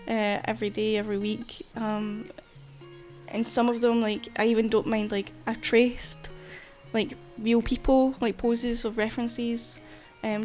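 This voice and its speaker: A woman's voice: fairly high pitch, darkish tone. A woman artist chatting casually while streaming, rambling and swearing freely. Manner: chatty, loose, swears casually, frequent fillers. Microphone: desk mic while streaming.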